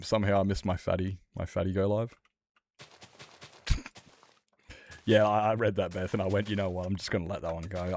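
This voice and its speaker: Male streamer, lowish voice, loose rambling chat with frequent laughs. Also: a little mellow, a little hiss or hum. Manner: rambling, self-interrupting, laughs often. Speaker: Minecraft streamer. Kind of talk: casual live-stream chat.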